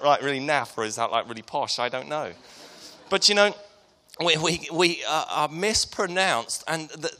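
A man's voice: on the high side, sharp tone. A man in his thirties from Hertfordshire with an English accent, preaching a sermon in a casual, joking way. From Hertfordshire, England. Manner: chatty, joking, self-deprecating. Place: church hall. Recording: long hall reverb.

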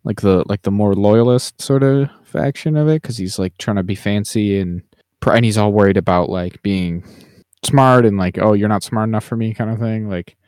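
A man's voice: on the low side, normal speed, darkish tone, no room sound. Man musing over a film, dry sound. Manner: meandering, hedging, thinks aloud. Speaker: podcast co-host. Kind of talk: casual movie discussion.

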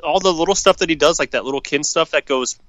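This fast-talking co-host, with a slightly high, fairly bright voice, swears freely while ranting hot hockey takes in casual sports chat on his podcast. The audio is dry with no echo, but the highs are cut off.

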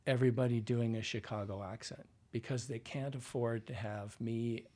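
Husky-voiced male dialect coach. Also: medium pitch, fairly even intonation, moderate pace, a little mellow. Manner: explanatory, often ends points with a questioning "right?". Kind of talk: casual interview chat.

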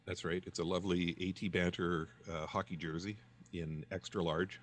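Deep-voiced man co-hosting a casual chat. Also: little pitch movement, normal speed. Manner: rambling with many ums and restarts; joke-telling. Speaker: podcast co-host.

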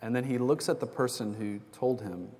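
A man's voice: medium pitch, moderate pace, darkish tone. A young man preaching a sermon as pastor, telling a story in a conversational way with small jokes and asides. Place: church sanctuary. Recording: long hall reverb.

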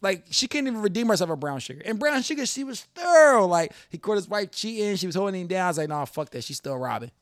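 A young man hosting a casual podcast, telling stories in an animated, profane, joking way. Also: high-pitched, quick pace, few pauses, no room sound, studio quality. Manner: animated, profane, jokey storytelling. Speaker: podcast host.

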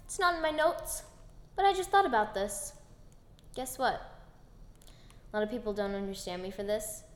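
A woman hosting her own podcast alone, chatting in a bubbly, rambling and excitable way. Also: a little high, echoey room. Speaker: podcast host. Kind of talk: casual solo podcast chat.

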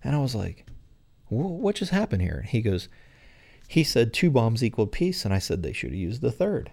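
A man's voice: medium pitch, big pitch swings, fairly quick, vocal fry, a little mellow. A middle-aged American man answering interview questions in a rambling way, full of fillers. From United States. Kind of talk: conversational interview.

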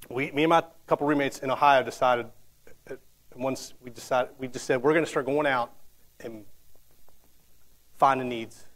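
A man's voice: mid-range voice, poor audio. A man in his thirties giving a casual, conversational sermon, telling stories with frequent restarts and fillers. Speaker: preacher.

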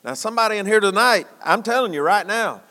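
A man preaching a sermon in a church, folksy, at times shouting and at times dropping low. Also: expressive, fast, in a large hall.

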